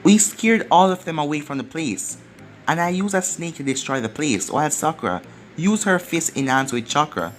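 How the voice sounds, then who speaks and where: A man's voice: on the high side, expressive, normal speed, close to an everyday voice. A man doing a smug, cheeky young woman ninja. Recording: faint background music.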